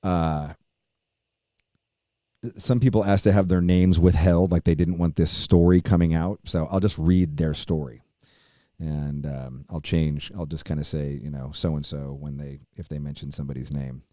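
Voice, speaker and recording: A man's voice: very deep voice, fairly even intonation, moderate pace, mellow, no echo, studio quality. A man hosting a podcast, talking in a loose, rambling way and swearing freely. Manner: hyped, sing-song opening greeting. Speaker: podcast host. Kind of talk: casual podcast intro monologue.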